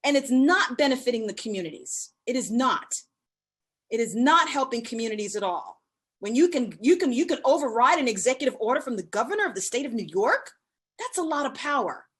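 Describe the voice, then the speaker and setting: High voiced woman on a video call, fired up and indignant, testifying. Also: animated, a little fast, fairly bright tone, slightly rough. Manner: impassioned, indignant. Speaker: hospital doula testifying at a hearing. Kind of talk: public testimony. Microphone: remote video call.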